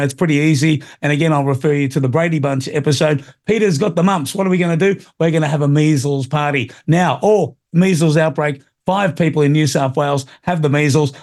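A man's voice: on the high side, darkish tone. A middle-aged Australian man hosting a talk radio show, delivering an opinionated, rambling monologue full of fillers and restarts.

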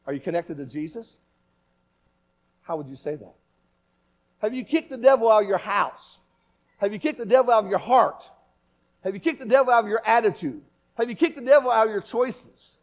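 A man with a fairly high voice preaches a sermon in a church. He swings between quiet, low asides and forceful, emphatic rhetorical questions. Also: lo-fi sound. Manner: animated, emphatic, repetitive questions.

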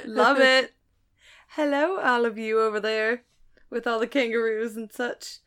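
Woman cohosting a chatty podcast, kinda high voice, laughs a lot and swears. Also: steady tone, unhurried, a bit bright, clean tone. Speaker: podcast co-host. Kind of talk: casual chat, story reading.

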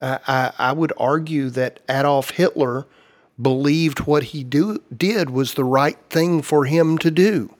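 A man's voice: fairly high pitch, unhurried. A man hosting a casual discussion, explaining ideas earnestly and at length.

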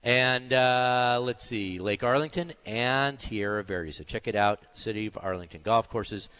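This golf show host on sports radio has a smooth, medium-pitched, fairly bright voice and speaks a little slowly, with no echo. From the radio studio he chats casually but emphatically, rambling and using fillers across ads and conversation.

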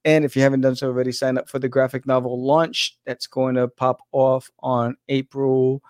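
A man's voice: mid-range voice, monotone, normal speed, a little mellow, smooth, no echo, clean studio sound. A man co-hosting a podcast, chatting loosely with many fillers and restarts as he wraps up the show. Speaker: podcast co-host. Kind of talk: casual chat and show sign-off.

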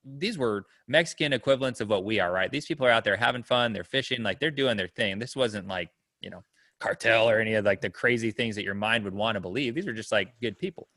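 A man's voice: lowish voice, quick pace, pushed and bright, dry recording, studio quality. A man telling a long story in casual chat, rambling, with lots of fillers, and acting out the people in it. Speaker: storyteller guest.

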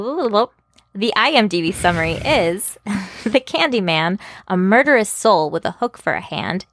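A woman co-hosting a casual podcast chat, easygoing and quick to laugh. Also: medium pitch, fairly bright tone, no echo. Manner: laughs often, chatty and easygoing. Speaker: podcast co-host.

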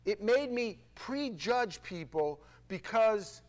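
New guy ranting casually to camera, kinda high voice, stumbles over his words a lot. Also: takes it slowly. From New York. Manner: animated storytelling with stammered restarts.

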